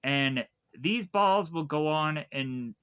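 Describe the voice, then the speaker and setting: A man's voice: fairly high pitch, expressive, takes it slowly, clean tone, muffled recording. A man casually retelling a film's plot for a review, rambling with lots of fillers and restarts. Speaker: film reviewer.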